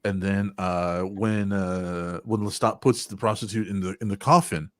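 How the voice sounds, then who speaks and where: A man's voice: sits low, fairly even intonation, normal speed, a bit bright, no room sound, clean studio sound. A man in his forties hosting a casual podcast chat, rambling and swearing often, with frequent laughs. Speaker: podcast host.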